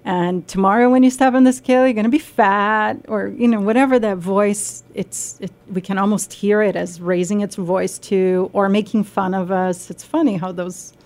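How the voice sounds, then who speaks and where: A young adult woman giving a radio talk on nutrition, explaining gently and sometimes acting out a scolding inner voice. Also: medium pitch. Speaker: guest speaker on nutrition.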